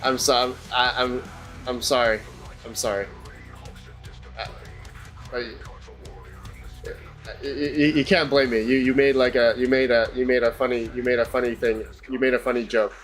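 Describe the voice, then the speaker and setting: A man of middle pitch hosts a casual livestream, talking loosely and directly to his viewers while he tinkers with hardware. His delivery is chatty and unpolished. Faint music plays quietly underneath. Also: fairly even intonation, moderate pace, long pauses. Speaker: livestream host.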